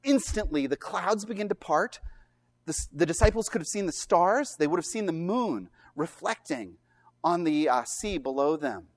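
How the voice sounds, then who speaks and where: A male preacher delivering a sermon in an animated, storytelling way. His pitch rises and falls expressively as he leans into emphatic points and rhetorical questions. His tone stays earnest throughout. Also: normal speed.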